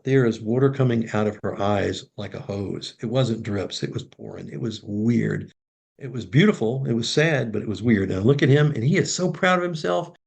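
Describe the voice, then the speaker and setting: Gravelly older man telling a heartfelt story. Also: mid-range voice, darkish tone. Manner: emotional, acts out dialogue. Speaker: guest, professional Santa Claus.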